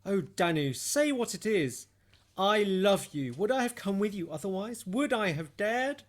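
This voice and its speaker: A woman's voice: medium pitch, animated, measured pace, natural voice. A woman voicing a frightened, guilty young male lover, pleading in a dramatic verse reading. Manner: pleading, fearful.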